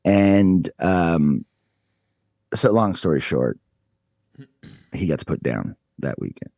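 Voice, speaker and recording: Deep-voiced man telling a story. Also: slow, vocal fry, no room sound. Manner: animated, swears freely, acts out quotes. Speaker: podcast guest. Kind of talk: casual storytelling.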